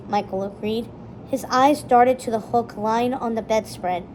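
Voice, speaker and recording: A woman narrating a children's chapter book aloud in a steady, expressive storytelling manner. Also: fairly high pitch, normal speed, a little hiss or hum, low-quality recording. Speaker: storybook reader.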